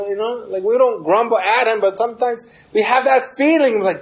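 A man's voice: very high voice, normal speed, few pauses, poor audio. A young man preaching a sermon in a casual, conversational way, acting out prayers with a raised voice. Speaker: pastor.

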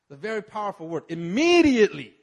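A man preaching a sermon at a church service, telling the story with animated energy and acting out the figures in it. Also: high-pitched, fast talker, vocal fry, lo-fi sound.

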